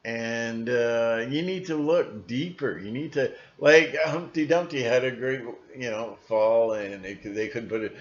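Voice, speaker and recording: A man's voice: medium pitch, a little slow, few pauses. A man hosting his own channel in a casual, rambling monologue, chuckling and stopping to rephrase himself. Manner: rambling, chuckling, frequent fillers and restarts. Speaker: channel host. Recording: dull lo-fi recording.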